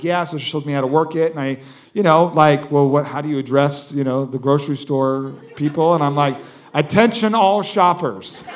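A man preaching as a guest speaker, telling a story in an animated way and acting out what everyone said. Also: on the high side. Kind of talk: sermon storytelling.

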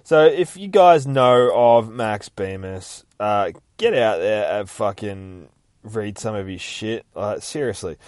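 A man hosting a podcast, recapping a comic book casually, excitable and swearing heavily, with self-mocking asides. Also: medium pitch, dry recording. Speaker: podcast host.

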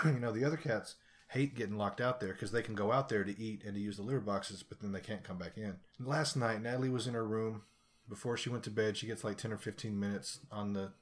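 Guy with a bright edgy voice ranting and cussing through a funny story, casual chat. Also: on the low side. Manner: animated, profane, laughs through his story.

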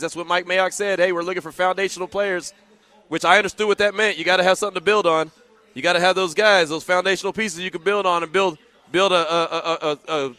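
A man's voice: high voice, pushed and bright. A man hosting a sports talk radio show, chatting casually with joking asides.

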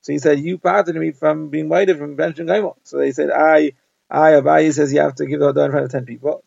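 A man giving a quick summary lesson on a Talmud page, rattling off Hebrew verses and explaining each one in English. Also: fairly high pitch, fairly even intonation, vocal fry, a little mellow, no echo, dull audio. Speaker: Talmud teacher.

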